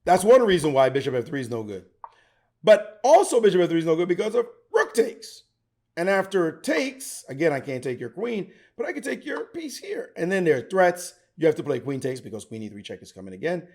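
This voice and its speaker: Excitable middle-aged man, chess lesson, theatrical, slightly high voice, swings all over in pitch. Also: a little fast. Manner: excitable, theatrical, talks straight to the viewer. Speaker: chess grandmaster teaching. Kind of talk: animated chess commentary.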